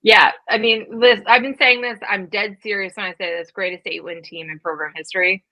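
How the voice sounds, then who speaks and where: A woman in her thirties co-hosting a college football podcast, talking fast and casually with lots of fillers. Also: medium pitch, fairly even intonation, no echo, muffled recording. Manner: quick, chatty, many fillers. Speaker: podcast co-host. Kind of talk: casual sports chat.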